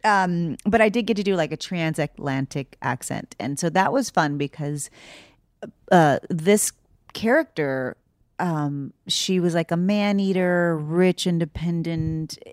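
Actress-director, woman, low voice, lively and laughing, dry close mic. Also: measured pace, dry recording. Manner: animated and laughing. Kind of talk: casual interview chat.

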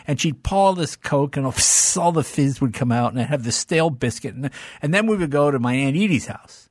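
A man's voice: medium pitch, a little fast, hardly any pauses, no room sound, clean studio sound. An older man, a talk-show guest, telling childhood stories in casual conversation and slipping into voices. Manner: animated, fond of doing voices.

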